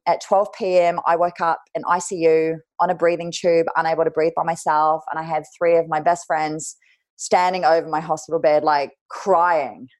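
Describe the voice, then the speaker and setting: Low-pitched woman, candid guest storyteller, casual and frank. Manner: candid, casual, swears lightly. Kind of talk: emotional personal storytelling.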